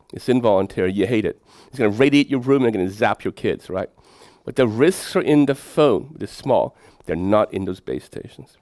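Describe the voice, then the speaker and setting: A middle-aged man, giving a lecture as a professor, telling lively anecdotes and putting rhetorical questions to his audience. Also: medium pitch, no echo, clean studio sound. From Sweden.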